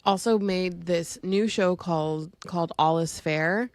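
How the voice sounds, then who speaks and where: A woman co-hosting a pop-culture podcast, rambling through her stories with lots of ums and false starts. She speeds up in quick bursts when she gets going. The sound is close and dry. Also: lowish voice, no echo. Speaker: podcast co-host. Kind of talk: casual chat.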